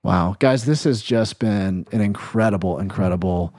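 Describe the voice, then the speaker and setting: A man's voice: fairly low pitch, normal speed, darkish tone, no room sound, clean studio sound. A man hosting a faith podcast as a pastor, talking in an earnest, reflective and emphatic way. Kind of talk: casual faith interview chat.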